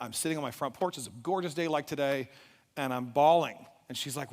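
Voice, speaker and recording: A middle-aged man giving a motivational talk at a live event, telling a personal story with animated delivery and asking the audience questions. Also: medium pitch, racing, creaky. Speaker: event speaker. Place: large event hall. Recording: echoey hall reverb.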